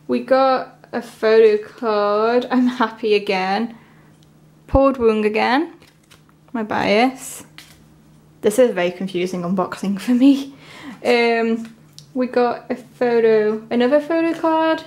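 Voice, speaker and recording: A woman with a slightly high voice talks slowly and unhurriedly through an unboxing. Her casual commentary rambles and wears its feelings openly. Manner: chatty, rambling, emotional. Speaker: vlogger.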